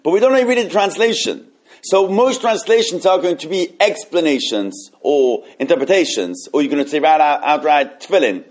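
Higher-voiced man teaching Torah. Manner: animated, halting with many restarts. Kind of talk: informal Torah class.

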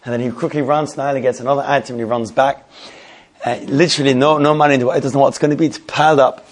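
A man tells a story to his Torah class at a brisk pace. His delivery is animated, with plenty of repeated words and quick restarts. His pitch sits in the middle of the ordinary range. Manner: rapid, animated, many restarts and repetitions. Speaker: Torah teacher.

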